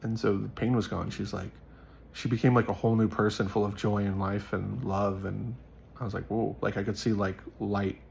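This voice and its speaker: A man with a low voice and a gravelly, creaky edge talks straight to his viewers in an earnest, rambling way. He is casual and full of fillers, and there is a faint hiss under the recording. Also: flat delivery, normal speed, darkish tone. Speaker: faith vlogger.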